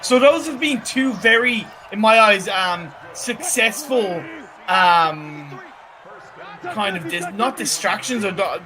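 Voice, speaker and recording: A man's voice: sits high, lively intonation, slow, bright, forceful tone. A man giving chatty, analytical color commentary on an esports match.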